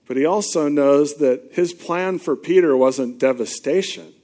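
A man's voice: on the high side, unhurried, warm tone. A man preaching a sermon, retelling scripture in a conversational storytelling way with emphatic repetition. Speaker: pastor.

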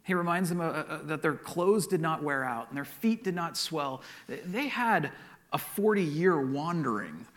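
A man's voice: a little high, expressive, measured pace, a bit bright. Man preaching a storytelling sermon. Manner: storytelling, repeats words. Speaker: pastor.

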